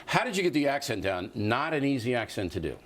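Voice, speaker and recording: Male TV host, 60s, blunt and teasing, animated delivery. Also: mid-range voice, quick pace. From USA. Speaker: TV news host. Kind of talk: TV interview.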